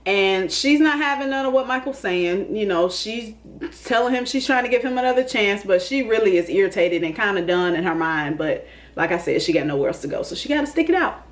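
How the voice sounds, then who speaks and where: A woman's voice: mid-range voice, lively intonation, a little fast. A woman hosting a casual comedic TV recap, sassy, calling people honey and baby and laughing often. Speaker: YouTube TV recap host.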